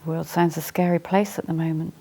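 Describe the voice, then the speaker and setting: A counsellor in a scripted role-play, speaking calmly and slowly, reflecting feelings back with gentle questions. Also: medium pitch.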